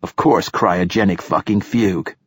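Brief: man playing very old poet, harsh raspy voice, blunt, deep and husky. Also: moderate pace, no echo. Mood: gruff. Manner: blunt, forceful. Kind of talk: audiobook dialogue.

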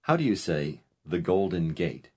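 A man with a very low, husky voice narrates a language lesson. His pitch moves a lot as he gives clear, instructive prompts in a scripted delivery. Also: sing-song, normal speed.

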